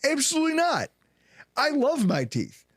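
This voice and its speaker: A man's voice: very high-pitched, normal speed, no room sound, studio quality. A man co-hosting a podcast, telling jokey stories in casual banter. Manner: joking, animated storytelling. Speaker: podcast co-host.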